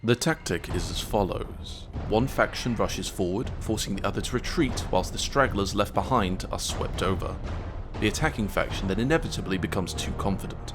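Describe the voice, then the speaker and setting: A man with a very low voice delivers a gaming video as a deadpan mock news report. He keeps a mock-serious war-correspondent tone throughout. Clear electronic music plays behind his voice-over. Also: normal speed.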